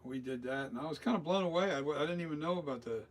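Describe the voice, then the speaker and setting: A man's voice: a little high, quick pace. A middle-aged man talking casually and loosely, swearing and repeating himself as he rambles. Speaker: host. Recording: distant mic with faint noise.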